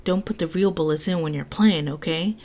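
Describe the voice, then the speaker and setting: A woman's voice: on the low side, a little fast, darkish tone, natural voice. A woman reading aloud and voicing a doting, meddling grandmother who gushes and coos. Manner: gushing and cooing.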